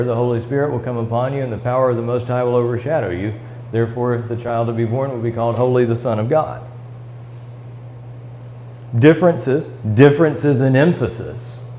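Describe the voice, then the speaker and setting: A man's voice: mid-range voice, a little mellow, a little hiss or hum, low-quality recording. Man teaching a church Bible study. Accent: American Midwestern. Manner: reads scripture aloud and explains it, with fillers and restarts. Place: church classroom.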